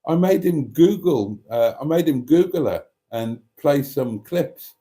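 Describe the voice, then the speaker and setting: Chatty man, lively pitch. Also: unhurried. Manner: chatty, rambling, cheeky asides. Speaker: livestream host reading chat. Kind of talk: casual chat.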